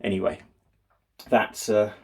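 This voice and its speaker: A man talking in a casual daily video diary, rambling and hesitant with many fillers, sounding low and downbeat. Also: slow pace, darkish tone. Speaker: vlogger.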